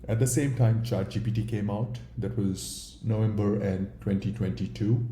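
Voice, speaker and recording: A man's voice: on the low side, fairly even intonation, fairly quick, few pauses, mellow, echoey room, slight background noise. A man with an Indian accent, a startup founder talking candidly and bluntly in a casual interview, with some swearing.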